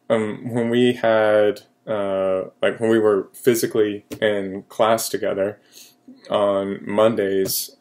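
A man teaching a recorded French lesson, slow and patient with many fillers, repeating each French phrase. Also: on the low side, a little mellow.

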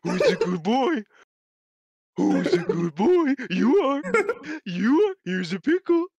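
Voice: mid-range voice, big pitch swings, slow, a little mellow, no echo, highs cut off. A streamer doing Patrick, the coaxing starfish. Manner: sing-song coaxing, like calling a dog. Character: dopey pink starfish man, coaxing.

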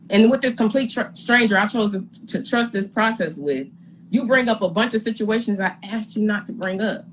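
Indignant, animated woman telling her side. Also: mid-range voice, normal speed, a little hiss or hum, low-quality recording. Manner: animated, indignant retelling with frequent stammered repeats. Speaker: reality TV guest recounting her experience. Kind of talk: casual live-stream storytelling.

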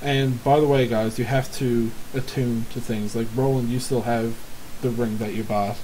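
A man's voice: mid-range voice, fairly even intonation, normal speed, warm tone, a little hiss or hum, poor audio. A man narrating as game master in a casual, giggly way with many fillers.

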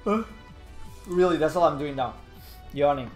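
A man's voice: a little high, expressive, moderate pace, faint music behind. A young man chatting casually on a live stream, rambling and laid-back, still a little nasal from a cold. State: slightly nasal from a fading cold.

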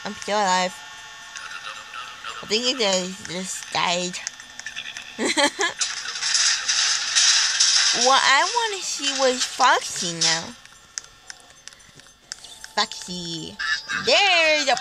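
A female gaming YouTuber with a high, babyish way of talking, chatting excitedly through casual gameplay commentary. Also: extremely slow, long pauses, poor audio. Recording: loud game music behind.

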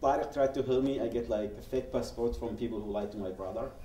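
At a public event, a Yemeni man serving as guest speaker shares his personal testimony as a story, voicing the quoted dialogue and restarting sentences often. He speaks quickly in a warm, mid-range voice, with slight background noise. It's captured in a roomy event hall, the speaker well away from the mic.

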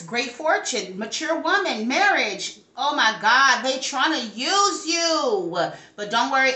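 A woman's voice: mid-range voice, pushed and bright, echoey room, a little hiss or hum. A woman giving a casual tarot reading to camera, brash and profane, talking back to her spirits as she goes. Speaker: tarot reader.

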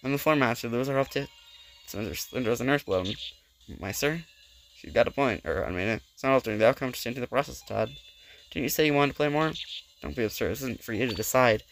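A man's voice: mid-range voice, quick pace, gravelly, fairly bright tone, faint music behind. A man hosting a let's play, reading game dialogue aloud with dramatic, stammering readings and reacting as he plays.

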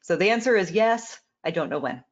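A woman's voice: lowish voice, animated, fairly quick, muffled recording. A woman answering product questions in a casual Q&A, frank and explanatory, repeating words as she thinks. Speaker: company co-founder answering questions.

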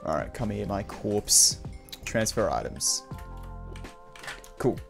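A man's voice: on the low side, takes it slowly, gravelly. A young man with an Australian accent talks through a game as he plays it, his voice leaping up and dropping back as things go wrong and right. He reacts on the spot with casual slang. Faint music plays under him. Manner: excitable, reacting aloud with frequent laughs and slang. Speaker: game streamer. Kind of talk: live gameplay commentary.

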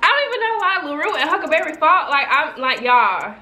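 Loud, high, bright young woman ranting. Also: big pitch swings, fairly quick, roomy sound, faint music behind. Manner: loud, profane, laughing, talks straight to viewers. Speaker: reality show cast member reacting to a trailer. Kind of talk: casual reaction vlog.

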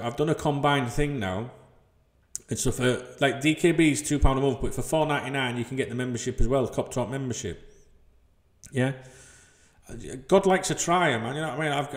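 A man's voice: medium pitch, darkish tone. A man, a football channel host ranting to camera in a small room with white walls. He talks in a heated, sweary, rambling way and keeps asking "you know what I mean". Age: 40s.

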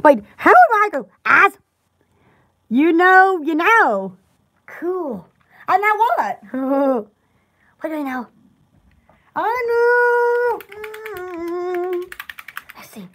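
High-voiced, giggly Southern woman. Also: sing-song, slow, a bit bright. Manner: rambling and giggly. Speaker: country store owner. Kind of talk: casual live-stream chat.

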